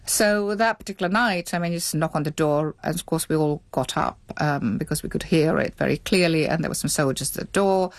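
Her voice low-pitched and fairly quick with few pauses, a middle-aged woman being interviewed looks back on her childhood. She is reflective and hesitant, frequently starting over, and the recording has no room sound.

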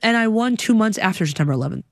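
A woman's voice: medium pitch, rapid-fire, vocal fry, no echo, clean studio sound. A young woman telling a personal story, acting out the people she quotes in shifting voices. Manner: animated, acts out quotes in voices.

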